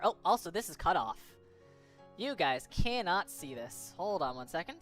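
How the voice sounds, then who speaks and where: A woman's voice: lowish voice, moderate pace, faint music behind. A woman game creator chatting casually and giggling while she reads out fan questions. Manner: giggly, animated. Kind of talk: casual stream commentary.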